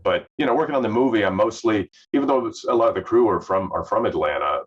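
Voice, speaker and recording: A middle-aged man talks in a very deep voice with a faint Southern US accent. He rambles easily through his answers, full of fillers and restarts. The recording sounds somewhat dull and lo-fi. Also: fast, husky. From Southern US, Memphis. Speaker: actor guest. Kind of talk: casual interview chat.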